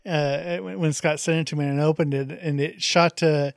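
Brief: man, podcast co-host, slightly high voice, dry close sound, relaxed and casual. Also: moderate pace, gravelly, no room sound. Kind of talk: casual film discussion.

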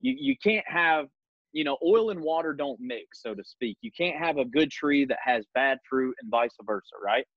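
A man's voice: on the high side, lively intonation, normal speed, no echo, dull audio. A man hosting a podcast who leads a Bible study conversation, reading scripture aloud and making his points with earnest emphasis. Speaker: podcast host.

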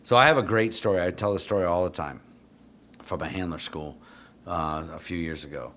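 A middle-aged man who trains police dogs, telling a story in a blunt, profane, casual way and jumping into animated quotes of himself. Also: low voice, a little fast, slight background noise.

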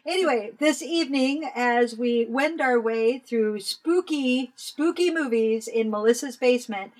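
Jokey woman podcast cohost, bit high-pitched, chatting in a basement. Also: unhurried, poor audio. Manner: playful, jokey, laughs often. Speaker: podcast co-host. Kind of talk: casual chat. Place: home basement.

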